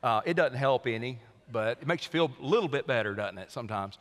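A man preaching from the pulpit with a middle-pitched voice, rising loud on key lines and dropping to a hush for weight. His sermon rings out with a long reverb tail that fills the church hall. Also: lively intonation, fast talker. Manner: preaching with wide swings in loudness, dropping low and quiet for emphasis. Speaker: senior pastor. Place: church sanctuary.

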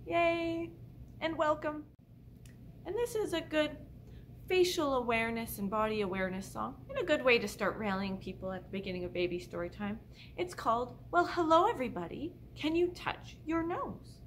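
A young woman leading a baby storytime as a children's librarian, talking in a gentle sing-song voice and singing simple songs and rhymes. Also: a little high, expressive, normal speed, a little hiss or hum. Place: indoors, room at a library. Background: light ukulele accompaniment.

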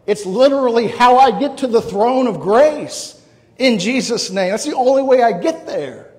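A man's voice: very high-pitched, expressive, moderate pace, darkish tone, in a large hall. A man preaching a sermon as pastor, in an earnest, conversational way that often repeats words. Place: church sanctuary.

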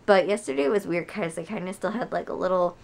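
A young woman vlogging casually at home, hoarse from a cold and chatting with lots of fillers. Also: lowish voice, quick pace, a little mellow. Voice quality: gravelly. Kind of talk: casual chat to camera.

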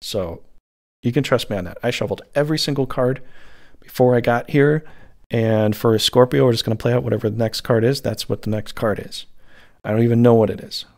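A man's voice: medium pitch, brisk, darkish tone. A man giving a casual, rambling tarot reading, full of fillers and restarts. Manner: rambling, meandering, lots of fillers. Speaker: tarot reader.

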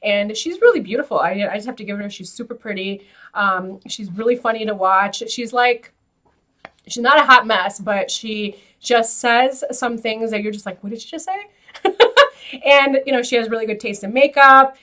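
A woman hosting a beauty vlog, chatting to camera in an animated, filler-heavy way and laughing often. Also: a little high, normal speed. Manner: loose filler-heavy talk with frequent "like". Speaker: beauty YouTuber host. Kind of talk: casual chat to camera.

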